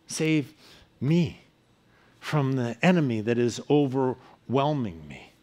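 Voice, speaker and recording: A man, a pastor, preaching a sermon in an earnest way, his voice often falling soft at the ends of phrases. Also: fairly high pitch. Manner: earnest preaching with softer dropping phrase endings.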